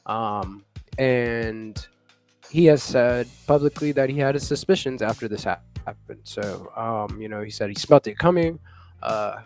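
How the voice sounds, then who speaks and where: A man's voice: mid-range voice, unhurried, darkish tone. Man, live show host, casual rambling talk, filler-heavy, faint music underneath. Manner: rambling, many fillers, laughs often. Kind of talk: casual live crypto news chat.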